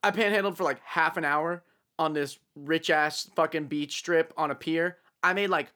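A man's voice: fairly high pitch, steady tone, moderate pace, pushed and bright. A young man hosting a podcast, chatting casually in a rambling, profane way and laughing often. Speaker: podcast host.

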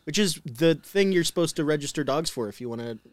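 A man's voice: fairly high pitch, animated, fast, no echo. A man co-hosting a podcast, telling a story in casual chat, laughing often and swearing. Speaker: podcast co-host.

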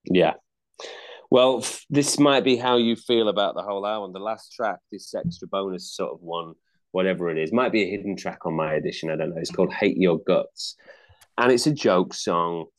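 Chatty, slightly low-voiced man reviewing music. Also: moderate pace. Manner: chatty, hesitant, many fillers and restarts. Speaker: podcast co-host reviewing an album. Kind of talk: casual chat.

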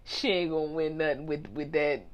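A woman's voice: deep voice, steady tone, brisk, dull audio, crowd noise. A woman co-hosting a casual talk show, recapping a reality TV episode and laughing often as she talks. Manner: laughs often, chatty storytelling. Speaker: podcast co-host.

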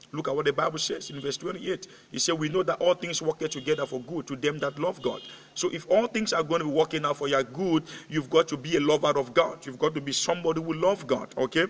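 A man's voice: a little high, a little hiss or hum. Man preaching in a reverberant hall. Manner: repetitive, emphatic preaching with frequent "okay?" and stammered restarts. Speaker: pastor. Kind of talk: evening sermon.

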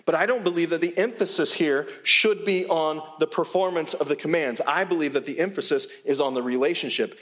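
A man's voice: fairly high pitch, fairly quick, hardly any pauses, fairly bright tone. A male pastor preaching a sermon in a church, with a conversational, emphatic delivery and frequent repeated words. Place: church sanctuary.

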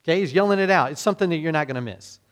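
A man preaching a sermon in a relaxed, conversational way, with frequent fillers and restarts. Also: a little high, very fast. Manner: conversational, self-deprecating, many fillers and restarts. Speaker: pastor.

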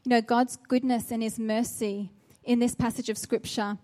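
A woman's voice: on the high side, level tone, normal speed, warm tone. A woman preaching a sermon, earnest and exhorting, with a run of searching rhetorical questions.

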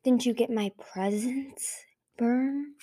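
A woman voicing a cool, calm, cunning female dragon in a breathy whisper, as whispered role-play in a storybook reading. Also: a little high, slow, voice pushed up. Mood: cold.

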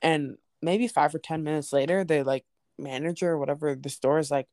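A woman's voice: low-pitched, steady tone, a little fast, a little mellow, no room sound, clean studio sound. A young woman telling a story in casual chat, laughing often and acting out the people she quotes. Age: young adult.

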